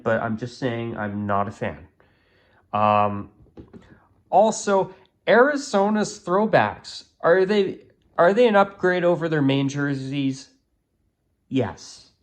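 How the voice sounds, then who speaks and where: A man talks straight to his viewers in a loose, opinionated vlog ramble, full of ums and restarts. His pitch sits in an ordinary middle range. It sounds like it was recorded on a phone. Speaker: YouTube channel host. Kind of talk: casual vlog commentary.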